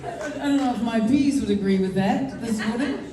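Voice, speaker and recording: A woman's voice: a little high, fairly quick, mellow. A woman with an Australian accent chatting on a fan panel, laughing and self-deprecating. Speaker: actor guest on a fan panel. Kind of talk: casual panel chat. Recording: echoey hall, distant mic. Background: crowd.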